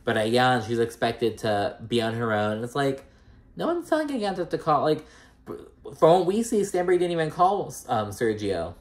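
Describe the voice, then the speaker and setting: A man's medium-pitched voice swoops wildly up and down as he recaps a reality show episode at normal speed. The retelling is chatty and rambling, loaded with "like" and "girl."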